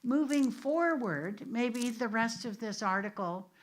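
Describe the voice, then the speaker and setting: A woman's voice: fairly high pitch, expressive, unhurried. Woman minister in a storytelling chat. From United States. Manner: conversational, storytelling, with restarts and asides. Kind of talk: informal teaching discussion. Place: church meeting room.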